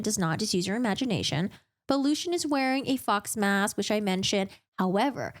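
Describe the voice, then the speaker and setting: A woman giving a casual, chatty book recap full of joking asides. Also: mid-range voice.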